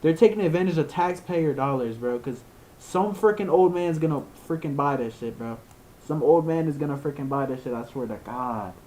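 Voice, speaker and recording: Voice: mid-range voice, animated, moderate pace, a little mellow, a little hiss or hum, rough recording. A young adult creator delivering screen reaction commentary. They talk in heavy slang and rant with disbelief at what they see. Casual swearing runs all through the delivery. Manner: slangy, incredulous ranting. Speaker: video creator.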